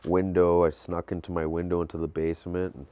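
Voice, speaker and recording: A man calmly recounting personal memories in an interview. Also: brisk, clean tone, no room sound. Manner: low-key, reflective, with small laughs. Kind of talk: personal storytelling.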